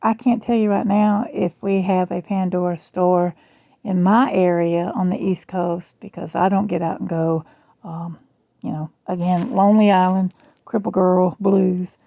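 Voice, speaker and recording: Middle-aged Southern woman, talkative and self-mocking, strained rough voice, dry sound. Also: medium pitch, mellow, no echo, muffled recording. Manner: chatty, rambling, self-deprecating. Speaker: jewelry vlogger. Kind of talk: casual chat. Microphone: phone camera.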